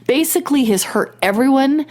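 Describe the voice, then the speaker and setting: Animated woman host getting over a cold. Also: high-pitched, moderate pace. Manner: animated, self-mocking, tells anecdotes with quoted dialogue. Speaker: podcast host. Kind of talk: casual storytelling chat.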